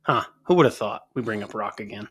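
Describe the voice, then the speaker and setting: A man co-hosting a wrestling podcast, chatting casually in a relaxed, joking way that often trails off. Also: on the low side, fast talker, a little hiss or hum. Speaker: podcast co-host.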